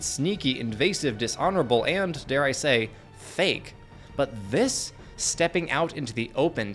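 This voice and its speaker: A man's voice: medium pitch, fairly bright tone. Earnest man narrating a video essay.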